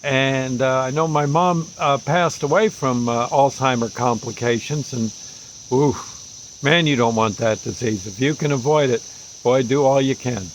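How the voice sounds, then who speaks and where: A man's voice: medium pitch, unhurried, a little hiss or hum, rough recording. 75 yr old guy rambling a story, folksy, lots of uhs, faint crickets. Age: 70s. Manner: rambling, folksy, many fillers. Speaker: vlogger. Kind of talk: casual storytelling.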